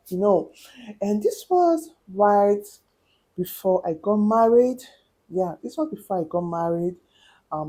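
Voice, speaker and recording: A woman telling a personal story to her camera in a casual, animated way, acting out what people said and sounding a little out of breath. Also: medium pitch, breathy edge. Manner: animated, acts out quoted dialogue. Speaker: vlogger.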